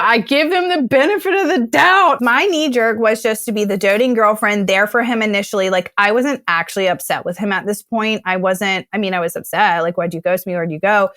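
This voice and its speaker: A young woman recounts a personal story in an easy conversational way, acting out her past words with feeling. Her voice sits at an ordinary pitch, and the recording is close and dry with no room sound. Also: no room sound. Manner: animated, acts out her own past words. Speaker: guest telling her story. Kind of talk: casual storytelling.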